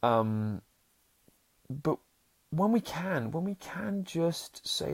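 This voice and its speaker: A man hosting a casual motivational podcast as a happiness coach. He talks earnestly and restarts often, swinging between loud bursts and soft, sincere stretches. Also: a little high, sing-song, unhurried, gravelly. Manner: swears casually and addresses listeners as warriors.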